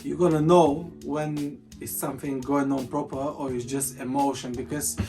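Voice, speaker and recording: A man's voice: mid-range voice, level tone, moderate pace. A man chatting casually as a vlogger about being a partner, joking and repeating his words. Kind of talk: casual chat. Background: soft guitar music.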